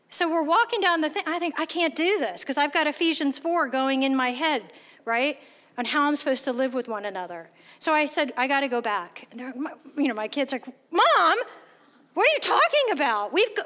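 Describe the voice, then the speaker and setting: A woman giving a candid, self-deprecating faith testimony, animatedly acting out the voices of people in her stories. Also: high-pitched. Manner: animated, acts out quoted voices. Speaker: speaker sharing faith testimony. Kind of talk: storytelling testimony talk.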